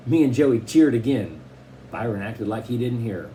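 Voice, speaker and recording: Man, audiobook narrator, lively pitch, mellow warm tone, faint room hum. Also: moderate pace. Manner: expressive storytelling with shifting pitch. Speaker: audiobook reader. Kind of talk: scripted narration.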